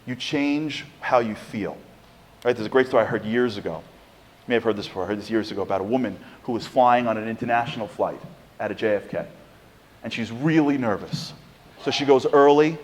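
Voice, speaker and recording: A man giving an inspirational Torah lecture to an audience, telling a story with animated build-ups and slow, low pauses. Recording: long reverb of a hall.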